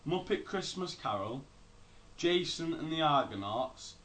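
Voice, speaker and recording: Bright-voiced young man, halting chat. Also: fairly high pitch, animated. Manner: halting, stumbles and repeats words. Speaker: podcast co-host. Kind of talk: casual chat.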